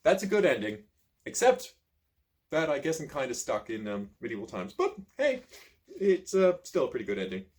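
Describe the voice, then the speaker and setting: A man reading a choose-your-own-adventure book aloud, with lively storytelling and casual asides. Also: mid-range voice, brisk. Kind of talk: expressive read-aloud narration.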